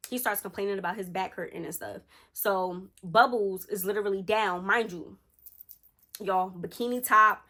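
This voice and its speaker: A woman vlogger telling a personal story in a chatty, animated way, slangy and talking straight to her viewers. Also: mid-range voice, moderate pace. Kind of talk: casual storytime.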